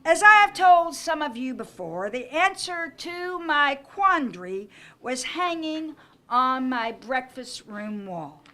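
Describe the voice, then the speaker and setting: A woman's voice: high voice, very animated, takes it slowly, sharp tone. An older woman hosting a reception in her home, giving a gracious welcome speech with anecdotes and light humor. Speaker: host. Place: private home during an evening reception.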